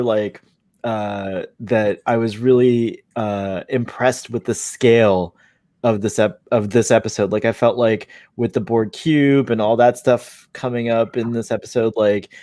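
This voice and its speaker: A man who is a guest on a casual live stream, excitable and quick to giggle. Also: medium pitch.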